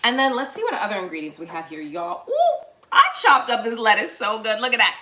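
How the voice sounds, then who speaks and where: A woman's voice: fairly high pitch, huge pitch swings, brisk, pushed and bright. A woman hosting a live cooking show, chatty and playful, talking straight to her viewers while she cooks in a kitchen. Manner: bursts into improvised little songs. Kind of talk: live cooking demonstration, casual.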